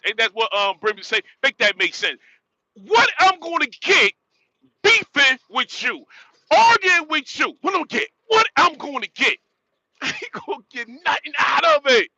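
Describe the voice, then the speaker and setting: A man in his late forties from northern New Jersey rants on a casual livestream from inside his truck cab, his voice pitched very high and strikingly sharp and bright. He talks in emphatic street slang and circles back to the same points again and again. The sound is dry and close, with no room echo. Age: 40s.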